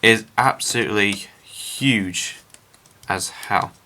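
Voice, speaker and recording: A man's voice: fairly low pitch, slow, pushed and bright, slight background noise. A man casually narrating his scale model build to viewers, chatty and rambling with frequent filler words.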